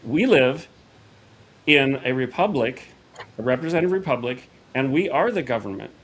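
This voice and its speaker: A man's voice: mid-range voice, normal speed. Man, middle-aged, casual storytelling, quoting people, faint hiss behind. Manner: animated retelling with quoted dialogue. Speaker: podcast guest.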